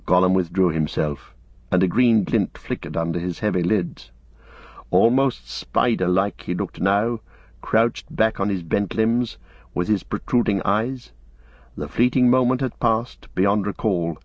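A man narrating an audiobook with measured storytelling, on a dull lo-fi recording. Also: fairly low pitch, no echo.

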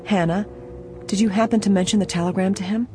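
A woman's voice: mid-range voice, steady tone, fast talker, warm tone, pitched above the performer's own voice, close to an everyday voice. A narrator reading an anxious young woman detective. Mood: worried. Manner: earnest, anxious. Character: young woman amateur detective, worried but steady.

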